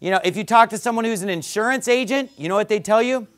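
A man with a high-pitched voice preaches a sermon in a church service. He drives his points home with loud, emphatic stresses on key words and drops into quick asides to the congregation. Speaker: pastor.

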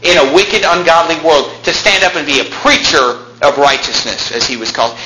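A male pastor preaching a combative sermon, with big swings in pitch and loudness that climb to shouts. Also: fairly quick. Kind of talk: fiery Baptist sermon. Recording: echoey room with faint noise.

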